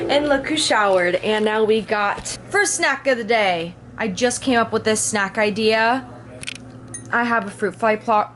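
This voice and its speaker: A woman's voice: fairly high pitch, normal speed, fairly bright tone, a little hiss or hum. A young woman vlogging at home about her competition prep, chatty and bubbly, talking into a handheld camera and often saying "dude". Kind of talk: casual vlog chat.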